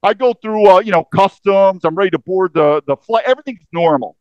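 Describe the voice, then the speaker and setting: A military veteran tells his own story with urgency and emphasis, often breaking off mid-thought and starting over. His voice is high for a man, his intonation lively, and his pace fairly quick, with an intense, emphatic manner. The recording is close, dry, and slightly dull, with no room sound at all.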